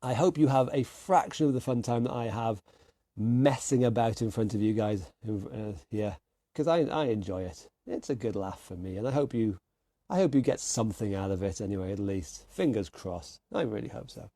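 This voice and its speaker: A man with a British accent coaching an online workout class, calling out moves and countdowns with energetic encouragement. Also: lowish voice, moderate pace, dry recording. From United Kingdom. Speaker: fitness instructor.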